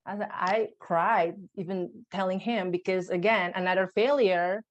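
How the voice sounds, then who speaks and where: A young adult woman, a podcast guest, recounting a personal birth story in conversation, emotional and halting, with frequent restarts. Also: lowish voice, steady tone, highs cut off.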